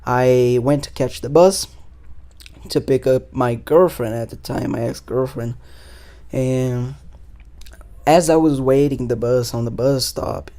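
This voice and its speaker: A man's voice: mid-range voice, slow pace, pauses often, mellow. A young man, a podcast host telling a story in loose, casual talk full of swearing and fillers. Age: 20s.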